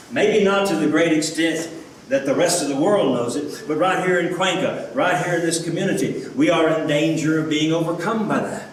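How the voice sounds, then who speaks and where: Preaching man in an echoey hall. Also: on the high side. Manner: earnest preaching with rhetorical questions. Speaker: pastor. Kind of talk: sermon. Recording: echoey room, from a distance, faint background noise.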